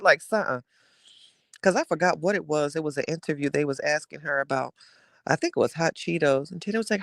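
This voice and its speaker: On his casual gossip show, a male host reads live chat and addresses listeners with sass and drama, drawing his stories out at length. His fairly high voice is creaky, captured in a dry, studio-quality recording.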